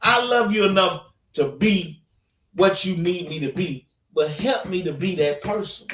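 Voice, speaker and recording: A man's voice: high-pitched, unhurried, a bit bright. A man co-hosting a casual opinion podcast, speaking in an earnest, emphatic, preachy way. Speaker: podcast co-host. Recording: roomy, distant, dull sound.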